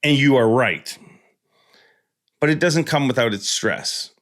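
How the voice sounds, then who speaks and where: A man's voice: mid-range voice, a little slow, a bit bright. A man hosting a fishing podcast in a casual, joking, rambling monologue, born in Ireland. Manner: jokey, rambling, self-deprecating. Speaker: podcast host.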